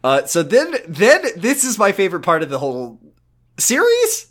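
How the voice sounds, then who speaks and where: A man's voice: on the high side, sing-song, fairly bright tone. A young man in his twenties co-hosting a podcast, joking and mocking as he recaps a show in casual chat. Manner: joking, mocking, quick asides. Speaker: podcast co-host.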